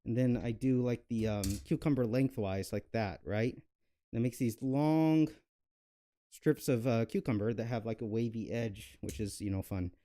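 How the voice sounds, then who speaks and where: A man's voice: mid-range voice, measured pace, mellow, slight background noise. A young man hosting a cooking video, chatting casually and rambling with lots of fillers and self-mocking jokes. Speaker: cooking channel host. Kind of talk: casual cooking vlog chat.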